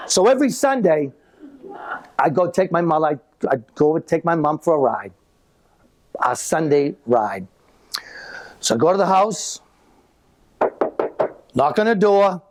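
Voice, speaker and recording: A man doing a live stand-up comedy set, telling stories in an animated way with quick asides. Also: sits high. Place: live comedy venue with audience.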